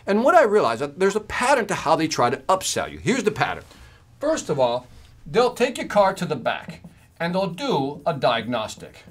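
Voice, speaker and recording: Man, sales trainer, workshop talk, storytelling, very lively pitch, fairly high voice. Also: normal speed. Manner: storytelling, acting out both sides of the conversation; keeps checking in with "right?".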